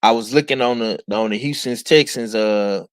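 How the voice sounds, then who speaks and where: A man's voice: fairly low pitch, moderate pace, clear, resonant tone, dry recording. A man hosting a casual sports chat, laid-back and drawling, often repeating himself. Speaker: host.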